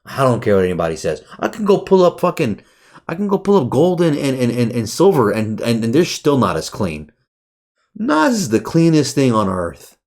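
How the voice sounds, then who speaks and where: A man talking casually and excitedly through a trading chart review, swearing often and firing off rhetorical questions. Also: mid-range voice, moderate pace. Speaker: trading educator.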